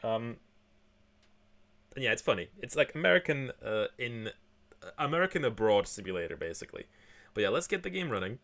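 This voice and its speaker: A man's voice: medium pitch, sing-song, fairly quick, creaky, long pauses, fairly bright tone. A male game streamer chatting casually at home, rambling with lots of fillers and restarts. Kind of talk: casual chat while gaming.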